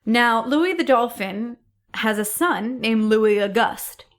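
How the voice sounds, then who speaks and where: A woman's voice: fairly high pitch, expressive, takes it slowly. A woman co-hosting a podcast, telling a history story in a casual, chatty way with laughs and the odd swear word. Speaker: podcast co-host.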